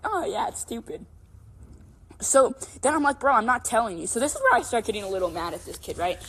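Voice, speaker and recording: A young woman co-hosting a podcast, telling a long story in a casual, animated, rambling way with lots of fillers and "right?" checks. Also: fairly high pitch, brisk, husky. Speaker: podcast co-host.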